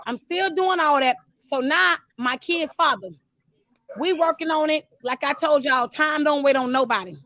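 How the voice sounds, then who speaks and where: A high-pitched woman speaking tells her own story in an animated, casual way and keeps calling out to her listeners. The sound is dry and close, with little room in it. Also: normal speed, dry recording. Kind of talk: casual testimony.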